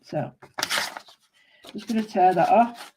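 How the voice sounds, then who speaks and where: A woman's voice: medium pitch, slow, warm tone, a little hiss or hum. A woman talks her viewers through a doodling project in a loose, rambling way. She thinks aloud, changes her mind mid-sentence and keeps up a friendly running chat as she works. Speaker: craft vlogger. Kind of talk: casual chat while doodling.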